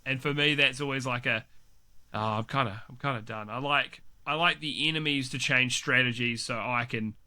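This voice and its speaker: A man's voice: medium pitch, normal speed, bright, forceful tone, clean tone. A man chatting casually as a podcast co-host, swearing freely, laughing often and restarting his sentences. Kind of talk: casual chat.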